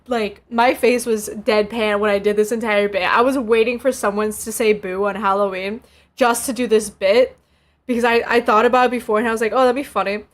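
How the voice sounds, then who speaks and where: Laughing streamer woman with a high voice. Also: steady tone, fairly quick. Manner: laughing, reminiscing, slangy. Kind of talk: casual chat reacting to old clips.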